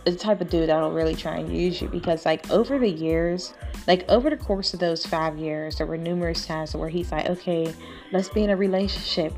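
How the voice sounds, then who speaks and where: A woman's voice: low-pitched, steady tone, fairly quick, a little mellow, faint music behind. A woman hosting a podcast, telling a personal story in a casual, blunt, profane way and acting out the quotes. She sounds tired and yawns now and then. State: tired, yawning. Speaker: podcast host.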